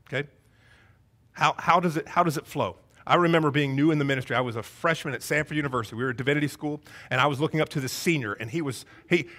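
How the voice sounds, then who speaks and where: A man in his thirties preaching a sermon in a church, telling stories with energy and acting out the voices in them. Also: on the high side. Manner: animated storytelling, acts out voices. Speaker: pastor. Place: church sanctuary.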